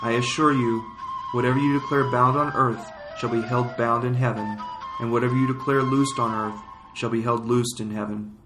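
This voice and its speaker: A man reading scripture and prayers as a liturgical reader, in solemn, measured phrases. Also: medium pitch, flat delivery. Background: flute music.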